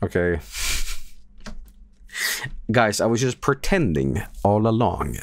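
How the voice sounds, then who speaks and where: A man's voice: on the low side, sing-song, slow pace. Joking Swedish-born male streamer. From Sweden. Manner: joking, goofy, riffing on game text. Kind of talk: casual game commentary.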